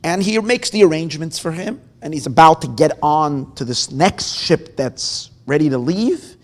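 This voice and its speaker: A man's voice: on the high side, normal speed. A man, a rabbi, telling a story at an informal evening gathering and acting out the characters' lines with feeling. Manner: animated, voices the story's characters. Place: gathering room with guitar nearby.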